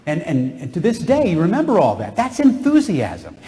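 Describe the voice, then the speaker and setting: A man's voice: fairly high pitch, wildly swooping pitch, normal speed, dark tone. A man giving an enthusiastic keynote speech, encouraging the audience directly. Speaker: motivational speaker. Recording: live hall with long reverb.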